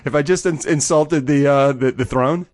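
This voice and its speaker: A man's voice: on the high side, normal speed, darkish tone, no echo. Brash American male host, teasing and profane, dry close recording. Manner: brash, joking, swears freely. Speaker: podcast host. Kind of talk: casual chat.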